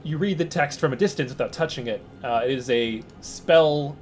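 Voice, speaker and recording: A man narrating as game master in a relaxed way, with loose fillers and chuckles. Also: medium pitch, moderate pace, slight background noise.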